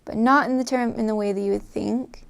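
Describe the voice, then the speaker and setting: A young American woman chatting casually to camera, with lots of fillers, soft trailing phrases and frequent laughs. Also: a little high, steady tone, fairly quick, vocal fry. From United States. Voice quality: filler-heavy, laughing often, trailing off softly. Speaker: vlogger. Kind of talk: casual chat.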